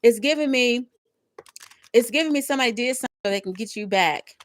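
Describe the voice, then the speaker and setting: A woman doing a live tarot reading, talking in slangy, animated bursts with lots of laughter. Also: a little high, quick pace, noisy background. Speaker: tarot reader.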